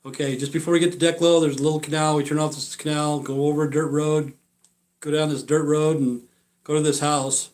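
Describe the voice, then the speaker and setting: A man in his sixties telling a long personal story on a live stream, rambling and blunt, full of fillers, often trailing off quietly at the ends of phrases. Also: a little high, level tone, brisk. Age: 60s. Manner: blunt and profane.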